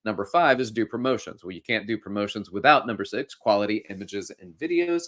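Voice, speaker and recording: A man's voice: on the low side, a little fast, fairly bright tone. A middle-aged man hosting a podcast, giving casual, upbeat coaching advice with a joking streak. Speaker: podcast host and fitness instructor.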